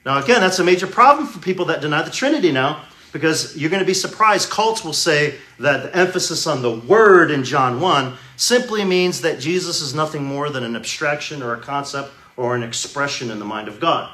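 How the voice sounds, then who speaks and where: A man preaching a sermon in a church hall, teaching emphatically and slowing down to stress key words. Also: fairly high pitch, animated, sharp tone.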